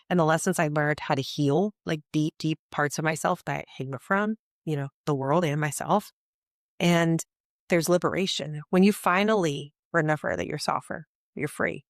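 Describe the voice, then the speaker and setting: A woman's voice: deep voice, dry recording, clean studio sound. A woman hosting a podcast, speaking earnestly and emotionally in a flowing, heartfelt way about spiritual growth.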